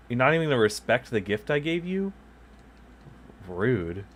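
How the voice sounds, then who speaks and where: A man's voice: medium pitch, big pitch swings, moderate pace, vocal fry, pauses often, a little hiss or hum. A man streaming a game at his home desk, chatting loosely and chuckling at himself into a microphone set beside him. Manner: rambling, chuckles often, self-mocking. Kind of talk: casual chat while gaming.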